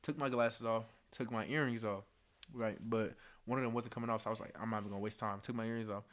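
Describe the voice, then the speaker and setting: A man's voice: on the low side, steady tone, quick pace. A young man telling a casual story in slang, laughing often and acting out the dialogue. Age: young adult. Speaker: storyteller vlogger.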